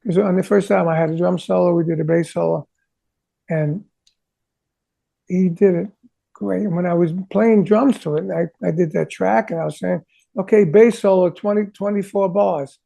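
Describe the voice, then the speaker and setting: A man, a rock drummer, chatting as an interview guest, telling animated stories and acting out conversations he had. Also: high voice, normal speed, vocal fry. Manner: animated, sings drum parts vocally; acts out quoted conversations. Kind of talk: casual storytelling interview.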